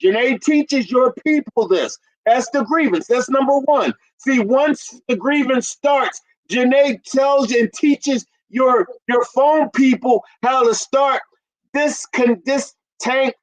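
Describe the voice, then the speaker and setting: A man in his fifties, a business consultant, talking emphatically to an audience he calls ladies and gentlemen. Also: very high voice, slow, poor audio. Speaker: carpet cleaning business consultant. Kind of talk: promotional business talk.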